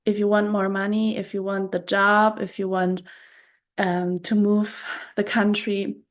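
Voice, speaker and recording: Woman, spiritual podcast host, unhurried reflective monologue, level delivery. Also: medium pitch, flat delivery. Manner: soft, unhurried, repeats words and phrases.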